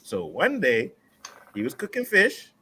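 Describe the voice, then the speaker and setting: A man from Nova Scotia hosting a casual panel discussion, profane and animated, reading out viewer messages. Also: on the high side, measured pace, slightly rough. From Nova Scotia, Canada. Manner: profane, animated, acts out quotes. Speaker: panel show host.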